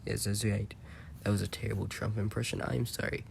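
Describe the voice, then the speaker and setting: A man's voice: fairly low pitch, level tone, brisk, vocal fry, a little hiss or hum. A man talking over screenshots in a rambling, mocking, self-assured commentary voice-over. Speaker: channel host.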